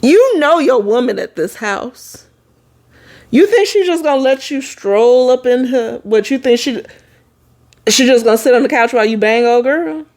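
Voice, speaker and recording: A woman co-host who reacts loudly and bluntly in casual chat. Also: high voice, lively intonation, moderate pace. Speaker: podcast co-host.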